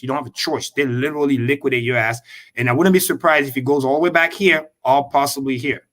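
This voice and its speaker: A man's voice: on the high side, pushed and bright. Blunt, profane man explaining crypto charts. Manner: emphatic, blunt and profane, repeats points slowly. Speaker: guest crypto trader. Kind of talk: casual livestream chart explanation.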